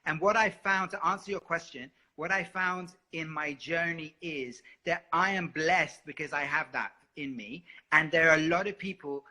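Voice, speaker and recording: Guy, singer, super bright voice, chatty and expressive, keeps repeating himself. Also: fairly high pitch. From London. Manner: expressive, repeats words, lots of "you know". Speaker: singer and interview guest. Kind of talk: live interview, candid.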